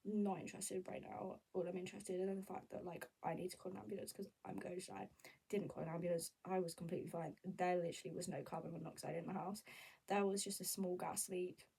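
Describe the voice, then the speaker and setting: A young woman vlogging in a candid, rambling, animated casual chat. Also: lowish voice, fast, vocal fry, slightly rough, far from the mic, poor audio. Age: young adult.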